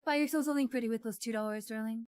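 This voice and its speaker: A woman's voice: a little high, very fast, darkish tone, smooth, dry recording, studio quality. A woman co-hosting a live stream, playful and teasing, calling her partner darling in casual chat. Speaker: streamer co-host.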